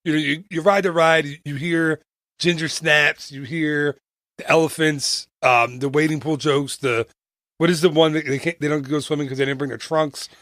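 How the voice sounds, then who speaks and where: A man's voice: on the high side, fairly even intonation, normal speed, fairly bright tone, no room sound, studio quality. A man co-hosting a podcast, chatting casually in a playful, teasing way, coughing now and then. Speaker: podcast co-host. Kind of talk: casual chat.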